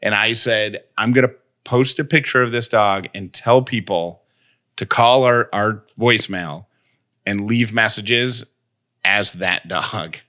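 A man's voice: lowish voice, takes it slowly, pushed and bright. A man co-hosting a podcast in casual chat, rambling and interrupting himself. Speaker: podcast co-host.

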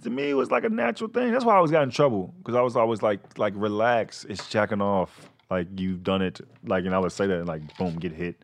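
A man telling stories in casual comedic chat, slangy and animated, acting out quoted lines. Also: mid-range voice, rapid-fire, gravelly, hardly any pauses.

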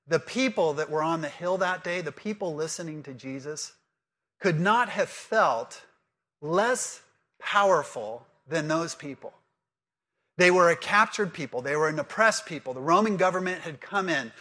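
A man delivers a sermon in a high, bright voice. He quizzes the congregation and then settles into earnest teaching. He reads scripture aloud slowly. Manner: lively call-and-response with the congregation. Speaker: pastor.

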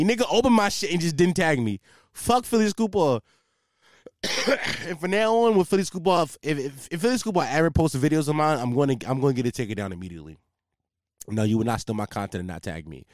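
A man's voice: medium pitch, dry recording, studio quality. A young man hosting a casual solo podcast, talking in a profane, rambling way and losing his train of thought. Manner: profane, rambling, loses track, animated storyteller. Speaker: podcast host.

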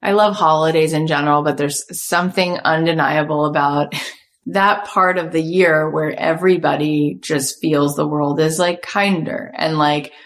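A woman with a notably low voice hosts an interview, enthusiastic and affirming as she responds and asks questions. She speaks in an easy conversational way. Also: steady tone, moderate pace. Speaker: podcast host.

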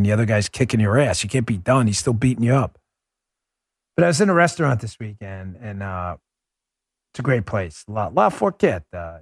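A man's voice: lowish voice, dry recording. Chatty male podcast host, dry sound. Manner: conversational storytelling, many restarts. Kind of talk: casual monologue.

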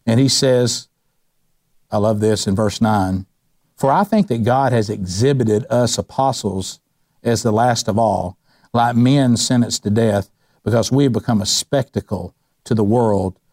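A man, teaching a men's Bible study in an animated, informal way, often restarting his sentences and slipping into sarcastic quoted asides. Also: on the low side, measured pace, no echo, studio quality.

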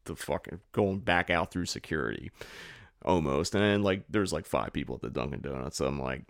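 A man with a bass voice co-hosts a podcast, chatting casually in an animated, brisk way with vocal fry, swearing freely, laughing often, and poking fun at himself. The recording is dry with a clean studio sound.

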